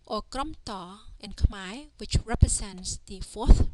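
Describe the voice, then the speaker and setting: A woman narrates a language lesson at a very slow, deliberate pace, spelling out each syllable patiently and punctuating it with "okay". Her pitch sits in a middle range, and a faint hiss lies under the voice-over. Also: animated, dark tone, rough recording. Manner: patient, sounds out syllables, says "okay" often. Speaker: language teacher.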